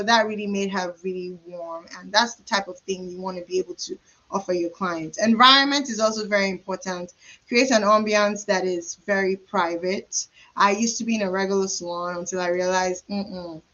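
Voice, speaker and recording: Woman, mid pitch, coaching trainees over a slightly muffled webinar feed, chatty and emphatic. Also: normal speed, bright, forceful tone. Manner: conversational, emphatic repetition, acts out client dialogue. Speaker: trichologist and career coach. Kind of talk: live webinar teaching. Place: private hair practice suite.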